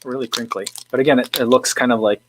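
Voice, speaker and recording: A man's voice: medium pitch, fairly even intonation, fast, heavy background noise. A man hosting a casual livestream, rambling with lots of fillers and restarts while he eats and answers viewer questions. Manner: eating while talking. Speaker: livestream host.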